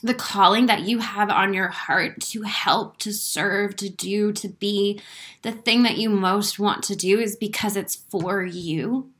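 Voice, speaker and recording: An emotional woman speaks straight to her viewers in a spiritual, motivational talk. Her pitch sits at an ordinary middle height. She is earnest and heartfelt, swears casually and laughs through her feelings. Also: steady tone, a little slow, a bit bright. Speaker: inspirational speaker.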